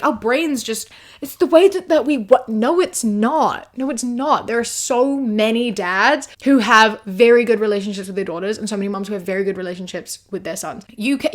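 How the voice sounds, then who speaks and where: A young woman with a New Zealand accent giving casual, blunt reaction commentary on online posts, full of "like" fillers. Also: medium pitch. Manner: blunt, exasperated, many "like" fillers.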